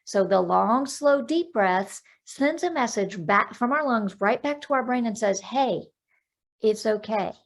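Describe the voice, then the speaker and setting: Woman, life coach guest on a video-call podcast; gravelly, practical, counts breaths aloud. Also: on the high side, animated, measured pace, few pauses. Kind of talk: podcast interview, explaining calming techniques.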